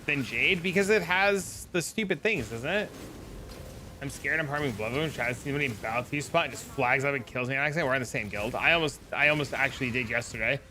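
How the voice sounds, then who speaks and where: A man's voice: medium pitch, fast talker, pushed and bright. A man streaming a game, chatting casually in a laid-back, profane, rambling way full of fillers. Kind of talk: casual live-stream chat.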